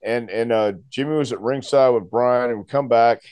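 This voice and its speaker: A man, a former wrestler, telling a story in a casual chat, animated and laughing often as he acts out the voices. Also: mid-range voice, moderate pace, smooth, no room sound.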